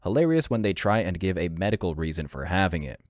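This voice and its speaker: A man's voice: sits low, very animated, quick pace, dry recording, clean studio sound. A man narrating reaction clips in a scripted, sneering and mocking tone. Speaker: commentary channel narrator.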